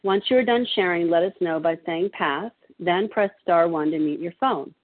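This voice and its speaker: A woman chairing a meeting, reading its format in a steady, procedural way. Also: fairly low pitch, moderate pace. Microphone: phone. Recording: tinny phone line.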